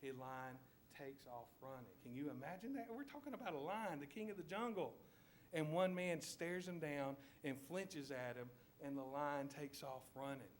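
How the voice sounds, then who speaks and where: Southern preacher telling a vivid story. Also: male voice, a little high, expressive, moderate pace, slight background noise. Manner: vivid storytelling, asks listeners to picture scenes. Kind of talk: sermon. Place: church.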